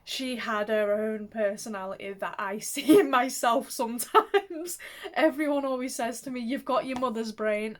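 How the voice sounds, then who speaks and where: A young woman speaks in a gentle, reflective way, slipping small soft laughs between her thoughts. Her voice sits a little high and she takes her time, letting words come out slowly. It has the easy feel of a personal vlog talked straight to camera. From England, Manchester. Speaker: vlogger.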